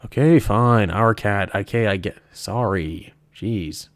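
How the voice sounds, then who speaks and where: A man's voice: on the low side, takes it slowly, no echo. Rambling male streamer, dry close sound. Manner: rambling, self-correcting, chuckles often. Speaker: streamer, horror story reader. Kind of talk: casual live-stream chat.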